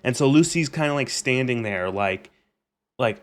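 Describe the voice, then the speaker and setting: Young guy streamer venting about a show, animated, swears a lot, average pitch. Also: normal speed. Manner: animated, exasperated, swears freely. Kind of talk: casual ranting recap.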